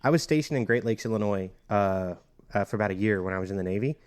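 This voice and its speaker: A man's voice: on the low side, quick pace, clear, resonant tone. A man co-hosting a casual food podcast, chatty and explanatory, often running through lists of places. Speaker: podcast co-host.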